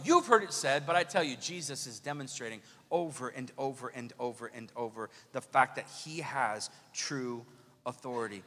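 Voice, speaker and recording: A man preaching a sermon as pastor, lively and questioning the congregation. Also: mid-range voice, moderate pace. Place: church sanctuary. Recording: long church hall reverb.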